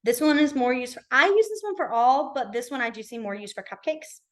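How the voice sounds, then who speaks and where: A young woman teaches a beginners' sign language class in a library classroom, chatting casually with lots of "um" and "like." Her voice is high-pitched and a little quick.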